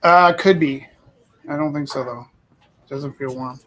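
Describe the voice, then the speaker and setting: A man's voice: a little high, unhurried, heavy background noise. A man running the stream's camera gear, chatting casually and playfully muttering to himself. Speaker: gallery streaming tech. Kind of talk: casual chat.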